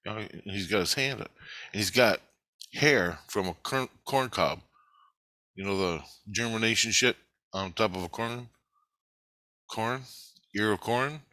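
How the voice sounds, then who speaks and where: A man's voice: lowish voice, measured pace, pauses often, pushed and bright, dry recording. A man telling a dream in a casual, rambling way, swearing often and acting out the dialogue. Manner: profane, rambling, acts out quoted dialogue. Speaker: video creator recounting a dream. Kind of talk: casual storytelling monologue.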